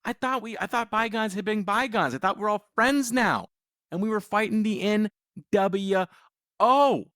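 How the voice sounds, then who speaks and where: A man's voice: high-pitched, moderate pace, a bit bright, no room sound, clean studio sound. A man co-hosting a casual wrestling podcast, joking and playful. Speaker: podcast co-host. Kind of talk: casual chat recapping wrestling.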